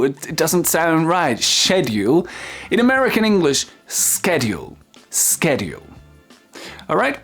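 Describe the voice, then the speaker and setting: A teacher with a French accent giving a casual online pronunciation lesson, slowly repeating words with fillers. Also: medium pitch. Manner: slow, repeats model words, many fillers.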